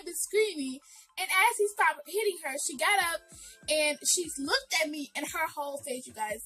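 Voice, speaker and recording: High bright-voiced woman telling a story. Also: sing-song, normal speed, faint music behind, low-quality recording. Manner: earnest, addresses viewers directly, many fillers. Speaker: vlogger. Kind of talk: emotional storytime.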